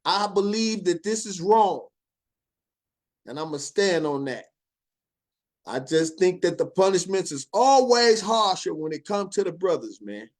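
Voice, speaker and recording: A man's voice: high voice, measured pace. A middle-aged man, hosting a podcast and speaking in an emphatic, drawling monologue. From Chicago. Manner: animated, emphatic, drawling storytelling with laughs. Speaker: podcast host. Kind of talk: opinionated monologue.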